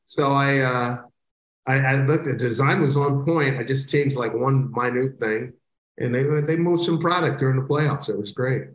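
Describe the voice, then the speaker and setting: A middle-aged male baseball broadcaster from the Philadelphia area, telling stories in a casual interview and breaking into loud catchphrases. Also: medium pitch, normal speed. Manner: animated storyteller who bursts into loud catchphrases. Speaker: baseball play-by-play broadcaster, guest. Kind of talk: casual podcast interview storytelling. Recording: roomy echo.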